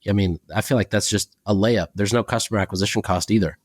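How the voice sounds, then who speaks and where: A man with a fairly low voice co-hosts a podcast in easy, casual conversation. He tells his stories in a relaxed way and slips into short quoted exchanges as he goes. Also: fast, hardly any pauses. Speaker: podcast co-host.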